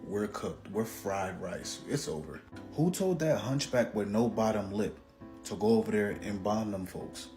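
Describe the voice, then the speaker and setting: A man's voice: on the low side, unhurried, a little mellow, soft background music. A man doing a comedic, profane casual rant with exaggerated jokes.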